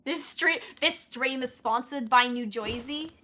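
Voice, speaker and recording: A high-pitched woman with a bright, sharp voice commentates a live game tournament. She is playful and teasing and breaks into laughs often. The tone stays casual, as if chatting with a friend on stream. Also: a little slow, a little hiss or hum.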